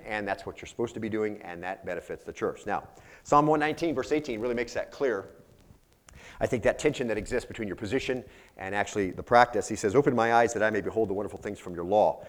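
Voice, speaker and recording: Man, pastor, sermon, earnest teaching tone, rhetorical questions, somewhat low voice.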